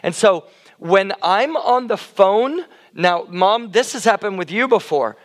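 A middle-aged man preaches with a high, carrying voice, talking loudly and casually as he puts questions to the congregation. His tone stays conversational rather than formal. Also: lively intonation, unhurried. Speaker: pastor. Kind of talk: interactive sermon.

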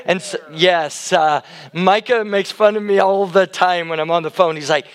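A middle-aged man preaching a conversational sermon, loud and chatty, often putting questions to the congregation. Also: sits high, fairly even intonation, moderate pace, clear, resonant tone. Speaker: pastor. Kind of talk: interactive sermon.

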